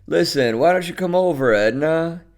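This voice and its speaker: A man's voice: a little high, lively intonation, moderate pace, voice pushed up. A man reading a story, voicing a balding, lonely middle-aged man who talks curtly and pushes insistently. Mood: coaxing. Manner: curt, insistent, coaxing.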